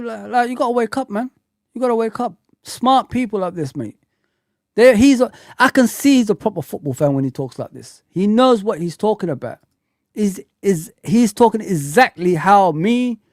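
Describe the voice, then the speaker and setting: A man hosts a football live stream, his voice sitting a little high and the sound dry and close. He talks in an animated way, repeats himself, and speaks straight to his viewers. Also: no room sound.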